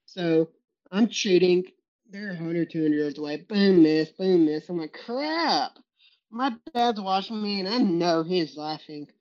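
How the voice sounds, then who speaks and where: A man's voice: high voice, measured pace, a little mellow. A man with a drawl tells hunting stories as a podcast guest, laughing often and playing out each quote with gusto. The recording is dull and lo-fi, the top end rolled off. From Texas. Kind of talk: storytelling in a podcast interview. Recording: muffled lo-fi recording.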